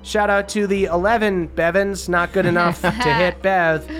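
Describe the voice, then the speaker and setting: A man running a tabletop game as game master, quick and animated and often breaking into laughs. His voice sits a little high, with faint music behind him.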